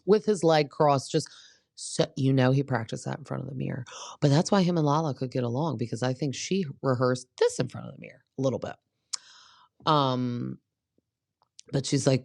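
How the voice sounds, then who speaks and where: A woman's voice: extremely low pitch, normal speed, gravelly, no room sound, clean studio sound. Chatty woman dishing reality TV gossip. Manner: chatty and gossipy, acting out quotes from cast members. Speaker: podcast host. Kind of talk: casual reality TV recap.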